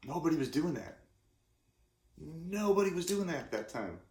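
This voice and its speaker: A man's voice: on the high side, very animated, normal speed, darkish tone. A man in his forties from California, talking casually in a rambling, self-interrupting way with lots of restarts. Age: 40s. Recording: roomy echoey room.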